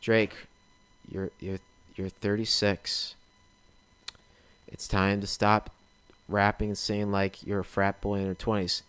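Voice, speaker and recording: A man putting on a low, quiet voice as a stern family member staging an intervention. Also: level tone, slow, pauses often, clear, resonant tone, dry recording.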